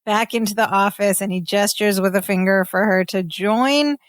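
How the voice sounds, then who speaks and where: A woman's voice: medium pitch, moderate pace, dry recording, studio quality. A woman co-hosting a podcast, retelling a sitcom episode in a chatty way, full of "like" and "you know". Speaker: podcast co-host. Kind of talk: casual chat recapping a sitcom episode.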